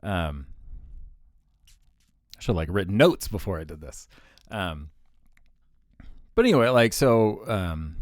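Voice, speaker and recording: A man's voice: on the low side, no room sound, clean studio sound. A man telling a personal story to the camera in a casual, rambling way, full of fillers and sheepish little laughs. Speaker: vlogger.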